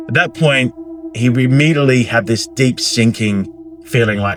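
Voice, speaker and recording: A man's voice: mid-range voice, normal speed. A man telling a spooky myth in a casual, rambling way, with asides and restarts. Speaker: storyteller, channel host. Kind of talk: casual spoken storytelling of a myth.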